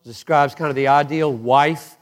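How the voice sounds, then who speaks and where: A man preaching a sermon with passion, dropping to hushed lows and rising to emphatic peaks. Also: steady tone, normal speed. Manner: impassioned, swings from hushed to soaring emphatic peaks. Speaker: pastor.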